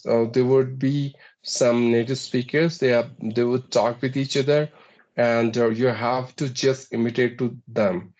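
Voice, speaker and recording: Indian-accented male mentor for a practice call: methodical, ticks off points one by one, mid-pitched, slightly dull lo-fi sound. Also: a little mellow. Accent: Indian English. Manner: measured, advisory, counts points off one by one. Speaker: English practice partner. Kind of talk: conversational English practice session.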